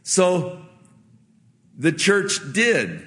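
A man preaching a sermon as a pastor, in a gentle, conversational way with earnest pauses. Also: high-pitched, wildly swooping pitch, long reverb tail.

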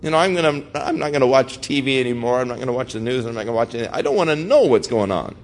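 A man's voice: mid-range voice, lively intonation, racing. An older man preaching a conversational sermon, acting out the voices of people praying as he quotes them. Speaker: pastor.

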